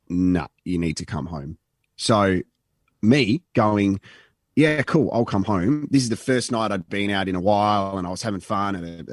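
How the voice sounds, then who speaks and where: Low-voiced Australian man telling a story. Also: no echo, studio quality. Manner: rambling anecdotal storyteller, swearing, acting out quotes. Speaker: radio show co-host. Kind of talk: casual storytelling chat.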